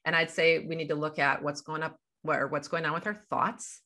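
A woman's voice: sits low, steady tone, normal speed, bright, forceful tone. A woman guest on a podcast interview, a life coach talking over a video call and explaining through everyday examples.

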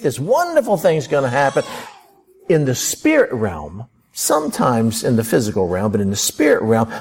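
Lively, animated male preacher. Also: on the high side. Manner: animated preaching, acts out prayers and quotes. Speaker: pastor. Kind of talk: sermon.

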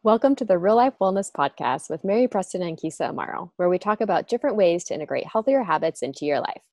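A woman's voice: on the low side, lively intonation, quick pace, mellow, no echo. A woman co-hosting a wellness podcast as a health coach, speaking in an upbeat, promotional way. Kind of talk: podcast intro.

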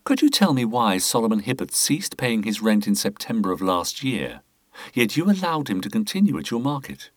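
A man voicing a measured male police inspector who asks calm, pointed questions. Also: medium pitch, dry recording, studio quality, voice pushed up. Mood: probing. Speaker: detective.

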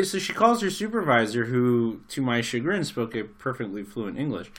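A man from the United States, in his thirties, co-hosting a casual podcast. He tells stories with lots of energy and acts out each quote. His voice is bright and swings widely in pitch. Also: moderate pace, few pauses. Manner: animated, jokey storyteller acting out quotes. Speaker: podcast co-host. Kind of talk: casual storytelling chat.

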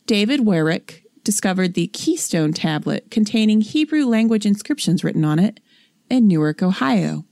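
A young adult woman co-hosting a casual chat podcast, reading notes aloud in a matter-of-fact way and slowing down on names. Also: mid-range voice, darkish tone, no room sound, clean studio sound. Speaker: podcast co-host.

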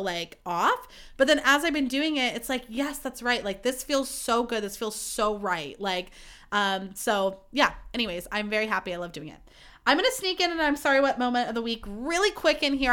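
A woman's voice: on the high side, pushed and bright, smooth. A young woman hosting her own podcast, chatting candidly and swearing freely in a self-mocking way. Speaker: podcast host. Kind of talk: casual solo podcast chat.

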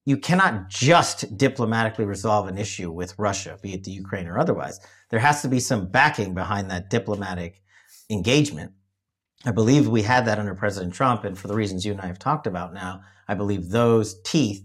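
A man's voice: low voice, fairly quick, breathy edge. A man hosting a political discussion show, talking emphatically and often restarting his phrases. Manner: emphatic, repeats himself when restarting. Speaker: show host.

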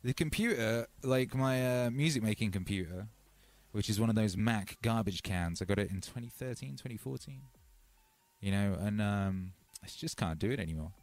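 A man's voice: lowish voice, normal speed, no room sound. Rambling man hosting a live stream. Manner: rambling, animated, addresses viewers as brothers and sisters. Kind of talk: casual live-stream chat.

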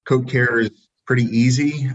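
A man who breeds and shows dogs, telling relaxed anecdotes with the odd laugh. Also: mid-range voice, normal speed, highs cut off. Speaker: dog breeder and show handler. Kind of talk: casual storytelling.

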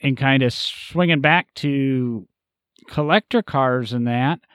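A man's voice: medium pitch, slow, a bit bright, clean tone, no room sound. A man co-hosting a podcast in casual chat, rambling and easygoing, with many fillers. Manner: rambling, easygoing, frequent "you know" fillers. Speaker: podcast co-host.

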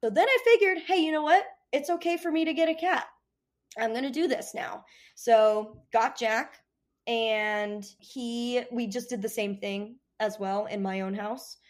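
Animated woman telling a dog story. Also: a little high, measured pace. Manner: animated, acts out voices to her dog. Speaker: dog trainer guest. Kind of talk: casual interview answers.

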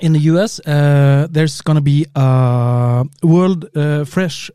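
A man's voice: fairly high pitch, fairly even intonation, slow, warm tone, clear, resonant tone, no room sound, studio quality. Man co-hosting, fumbling for words. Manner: hesitant, many fillers and restarts, laughs often. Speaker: podcast co-host. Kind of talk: casual chat.

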